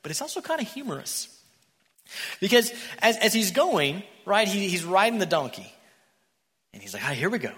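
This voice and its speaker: A man preaching a sermon in a church, an animated storyteller who acts out the characters. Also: high-pitched, normal speed, long pauses, slightly rough. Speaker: pastor. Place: church sanctuary. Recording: echoey church hall.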